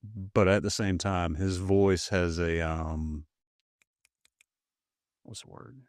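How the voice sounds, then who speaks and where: A man's voice: low-pitched, fairly even intonation, takes it slowly, no room sound, studio quality. A man co-hosting a podcast in casual comedic chat. He is blunt, sarcastic and swears a lot. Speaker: podcast co-host.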